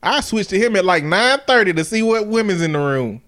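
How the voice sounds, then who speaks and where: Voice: mid-range voice, lively intonation, a little fast, fairly bright tone. A co-host in casual chat, joking playfully and spinning silly stories while laughing mid-sentence.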